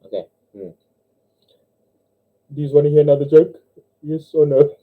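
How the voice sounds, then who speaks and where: A young man with a New Zealand accent, hosting a casual livestream, telling jokes and stories, giggling often and squeaking when he voices characters. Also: moderate pace. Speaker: livestream host. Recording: dull lo-fi livestream audio.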